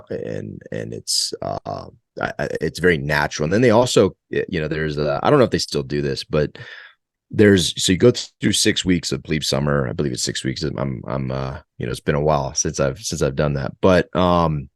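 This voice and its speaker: A man's voice: extremely low pitch, creaky, no room sound, studio quality. A man in his forties, a guest in an interview, telling stories in a rambling way with many restarts. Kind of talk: conversational interview storytelling.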